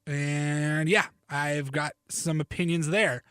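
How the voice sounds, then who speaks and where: A young man hosts a casual sports podcast, delivering a chatty, self-deprecating monologue. His voice is on the high side, slow, fairly even in intonation, and a bit bright, with a clear, resonant tone. He sounds slightly hoarse, as if he needs to cough.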